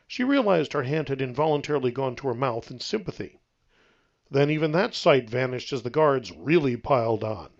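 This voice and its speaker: A man narrating his own novel aloud in a steady, even storytelling read. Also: medium pitch, normal speed, vocal fry, highs cut off.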